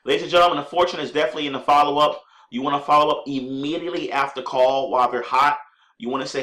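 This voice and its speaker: A man teaching network marketing conference-call skills with enthusiasm, often addressing listeners as ladies and gentlemen and acting out sample greetings. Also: medium pitch, steady tone, quick pace. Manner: acts out sample call lines in an upbeat voice. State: clearing a scratchy throat. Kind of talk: instructional talk on running conference calls. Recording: echoey room.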